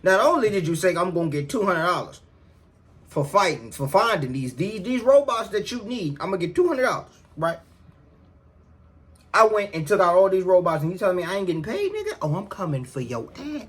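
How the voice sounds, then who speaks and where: Brief: man, casual comedy co-host, very lively pitch, swings between grumbling and shouting. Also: fairly quick. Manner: loud, animated, swings from low mutter to high shouts.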